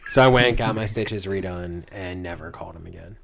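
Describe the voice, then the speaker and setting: A man in his thirties casually telling a long, animated anecdote on a podcast, laughing at his own story. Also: low voice, brisk, creaky. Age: 30s. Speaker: podcast guest.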